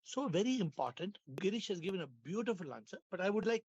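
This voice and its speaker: A hoarse man, leading a spiritual class over a video call, playful and laughing, with lots of repetition. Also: high voice, animated, quick pace, darkish tone, no room sound, muffled recording. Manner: playful, laughing, repeats phrases, asks questions. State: hoarse, lost his voice. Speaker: spiritual teacher hosting an online class. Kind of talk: casual spiritual class talk.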